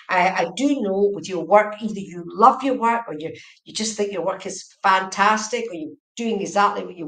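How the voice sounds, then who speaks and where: A woman's voice: medium pitch, fairly bright tone. A woman giving a live online tarot and mediumship reading, chatty and repetitive, often checking whether her words make sense. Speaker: psychic medium. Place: indoors at home, room with a heater. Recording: echoey room.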